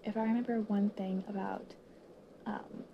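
A young woman in her late teens, a high school student, choked up and teary as she talks to viewers in a halting, emotional monologue full of pauses that keeps dropping into whispers. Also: little pitch movement, gravelly, highs cut off, slight background noise.

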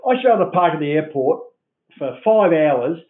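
A man's voice: on the high side, big pitch swings, normal speed. An Australian man complaining in casual chat, sweary and exasperated. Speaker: podcast co-host. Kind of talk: crude casual rant. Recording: tinny phone-like audio.

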